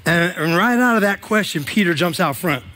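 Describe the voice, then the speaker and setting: Man, pastor, sermon, high voice, casual slangy delivery. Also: lively intonation, moderate pace, bright, forceful tone.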